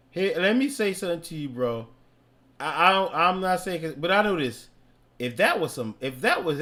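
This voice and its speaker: A man doing casual live-stream commentary, loud and joking with slangy reactions. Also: fairly high pitch, very animated, normal speed.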